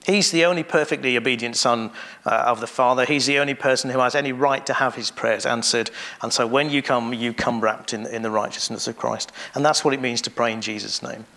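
A man preaching a sermon in a measured way, pausing often and restarting phrases. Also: medium pitch, steady tone, gravelly, pushed and bright.

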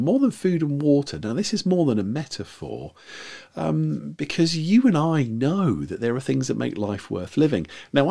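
A man's voice: medium pitch, creaky. A man preaching a sermon in a conversational style, with many fillers and restarts. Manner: conversational, animated delivery with frequent fillers. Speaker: guest preacher. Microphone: video recording for online viewers.

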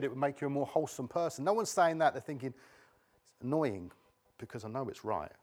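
A man's voice: mid-range voice, darkish tone. A middle-aged man preaching a sermon, emphatic and repeating key words for stress.

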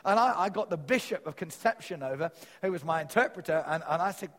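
Male preacher, fairly high voice, animated storyteller, big hall reverb. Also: fast talker. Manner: storytelling with quoted dialogue, animated. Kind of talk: sermon teaching. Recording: long reverb of a large hall.

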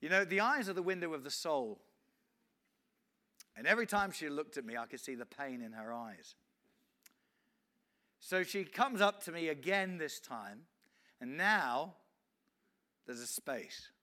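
A man's voice: on the high side, lively intonation, unhurried, pauses often, pushed and bright. A man, an evangelist telling a story in a sermon, acting out scenes with frequent restarts. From England.

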